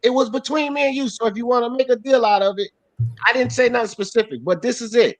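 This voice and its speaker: A man's voice: very high voice, fast, no echo, poor audio. A man hosting a live sports talk stream, blunt and profane as he reads chats and scolds a panelist. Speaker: host.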